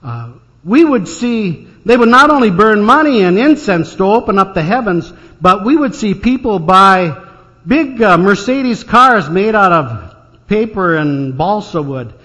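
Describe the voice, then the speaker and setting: A man's voice: sits high, animated, a little slow, pushed and bright. An older man preaching a storytelling sermon, folksy and anecdotal, with dry jokes. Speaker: pastor. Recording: dull sound in a reverberant church hall.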